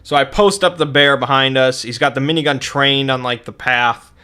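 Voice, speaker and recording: Bright-voiced young man recounting a game. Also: medium pitch, moderate pace, clear, resonant tone. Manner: rambling, many fillers and restarts. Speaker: tabletop game player. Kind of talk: recounting a tabletop game session.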